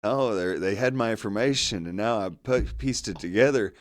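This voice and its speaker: A man's voice: fairly low pitch, normal speed. Guy hosting a podcast, fired up telling a story, swears constantly. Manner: animated, heavy swearing. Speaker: podcast host. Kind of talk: casual storytelling.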